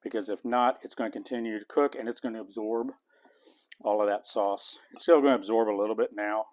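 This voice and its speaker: A man's voice: on the low side, steady tone, brisk, a little mellow. A man hosting a home cooking video, chatting casually and tasting as he goes. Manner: homey, chatty, talks while eating. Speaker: cooking channel host.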